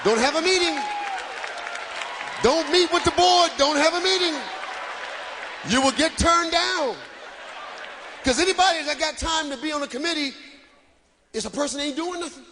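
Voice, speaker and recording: A man performing live stand-up comedy, loud and animated, shouting punchlines to the crowd from a stage. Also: very high-pitched, normal speed, pauses often, noisy background. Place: stage before a live audience.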